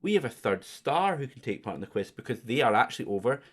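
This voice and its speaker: A man's voice: medium pitch, sing-song, fast talker. A middle-aged man hosting a quiz stream in casual chat, rambling and joking as he goes. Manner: rambling, self-interrupting, joking. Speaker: quiz host.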